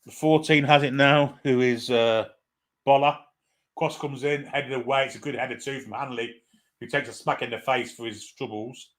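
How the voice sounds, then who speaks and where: Guy doing cheeky live fan commentary, swearing and reading out chat, ordinary middle pitch. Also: fairly even intonation, moderate pace, fairly bright tone. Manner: irreverent, swears, reads out viewer comments.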